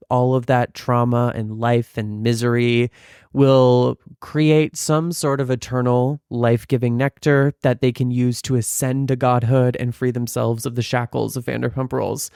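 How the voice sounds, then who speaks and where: Male podcast co-host, camp and profane, clear resonant tone, dry sound. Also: medium pitch, darkish tone, no echo. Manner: theatrical, profane, joking. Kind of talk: casual chat.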